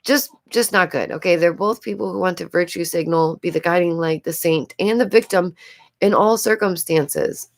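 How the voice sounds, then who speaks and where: A woman's voice: fairly low pitch, normal speed. A woman hosting a casual commentary vlog, exasperated and rambling, breaking into frequent laughs. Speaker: YouTube commentary host.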